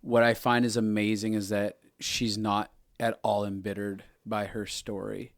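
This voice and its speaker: A man's voice: on the low side, flat delivery, a little slow, dry recording. Teasing male podcast co-host, dry sound. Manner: bantering, teasing. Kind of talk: casual chat.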